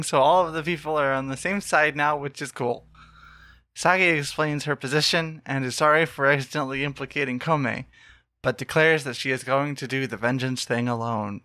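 A man's voice: fairly high pitch, pushed and bright. A man co-hosting a podcast, recapping episodes and chiming in with sarcastic asides in casual chat. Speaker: podcast co-host.

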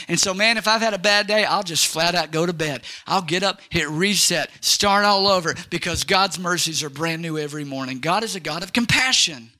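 A male pastor preaching an energetic sermon, leading the congregation in call-and-response. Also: sits high, brisk, hardly any pauses.

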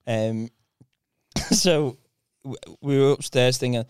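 A man chatting with friends, telling a slangy story and laughing through it. His voice is smooth and clear. It sits close and dry on the mic. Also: mid-range voice, takes it slowly, a little mellow, no echo. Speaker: stand-up comedian. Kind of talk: casual chat, storytelling anecdotes.

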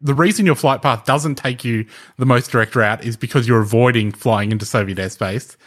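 A man's voice: medium pitch, fairly quick, fairly bright tone. A man explaining things in casual podcast chat. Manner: explanatory, thinking aloud with frequent restarts and light laughter. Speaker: podcast co-host presenting the research.

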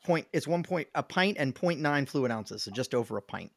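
Upbeat chatty man, mid-pitched. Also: animated, moderate pace, vocal fry, no room sound, studio quality. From Alabama, USA. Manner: chatty and upbeat, laughing easily. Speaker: podcast panelist. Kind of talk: casual podcast chat.

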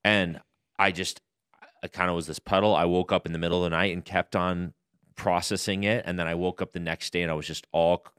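A man's voice: deep voice, little pitch movement, a little fast, a bit bright, clear, resonant tone, no room sound, clean studio sound. A man who is a pastor hosting a podcast, earnestly telling a personal story in casual conversation.

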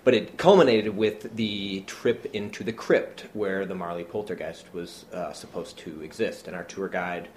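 A man, a playwright and actor, telling a long anecdote in casual chat, full of fillers, and lively when he acts out what people said. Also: low-pitched, normal speed, few pauses. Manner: animated anecdote-teller, many fillers, acts out quotes. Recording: roomy with faint background noise.

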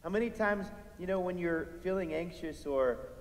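A man's voice: sits high, normal speed. Man preaching in an echoey hall. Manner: conversational, builds to emphatic peaks. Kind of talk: sermon. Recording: echoey hall with long reverb.

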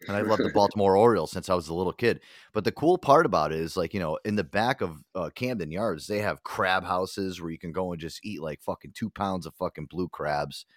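A young man hosting a casual chat show, animated and swearing freely, often acting out other people's voices. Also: low voice, fairly quick, hardly any pauses, no room sound, clean studio sound. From Connecticut. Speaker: host.

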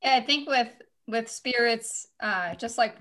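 A woman's voice: a little high, unhurried, pushed and bright, a little hiss or hum. A woman co-hosting a podcast, talking in a thoughtful, conversational way. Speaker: podcast co-host. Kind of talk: casual podcast chat.

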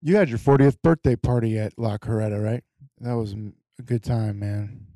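A man hosting a casual podcast, relaxed and leading the segments. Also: lowish voice, moderate pace, no room sound. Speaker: podcast host. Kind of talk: casual chat.

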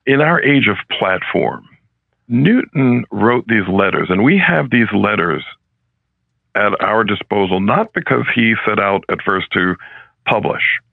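A male professor speaking as a podcast guest, in an earnest, measured and reflective way, heard over a narrow phone-like line. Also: lowish voice, animated, vocal fry, dry recording. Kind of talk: podcast interview. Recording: phone-like, dry, narrow sound.

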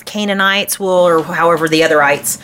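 A woman's voice: fairly low pitch, brisk, a bit bright, a little hiss or hum. A woman co-hosting a casual Bible study discussion, talking in an earnest, reflective way with frequent restarts. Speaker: podcast co-host discussing scripture.

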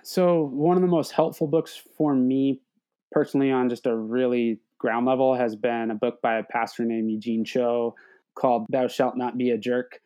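A young man talks through his thoughts as a podcast guest, his voice warm and mellow. He hesitates often, repeating words and restarting his sentences as he works out what he means. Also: mid-range voice, level tone, moderate pace. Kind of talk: reflective conversational talk.

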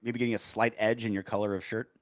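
A man's voice: on the low side, flat delivery, fast talker, background noise. A man co-hosting a casual post-game sports show, sarcastic and reading out listener comments. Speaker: podcast co-host.

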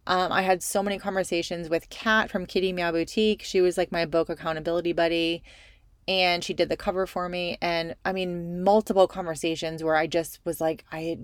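A woman's voice: on the low side, little pitch movement, fairly quick, clean tone, dry recording, clean studio sound. A woman in her thirties hosting her own podcast, talking in a chatty, rambling, frank and emphatic way. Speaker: podcast host. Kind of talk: solo podcast monologue.

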